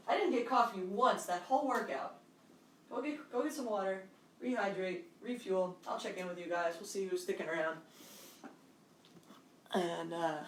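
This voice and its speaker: A woman's voice: medium pitch, gravelly. A woman fitness instructor leads a live online workout, upbeat and encouraging as she calls out steps and counts. Her voice sits in a mid range and carries a roomy echo, picked up by a microphone some distance away. A faint hum of background noise runs underneath.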